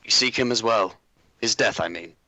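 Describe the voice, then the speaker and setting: A man playing a tabletop game, lively and playful in character. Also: fairly low pitch, normal speed, no echo, rough recording. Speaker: player.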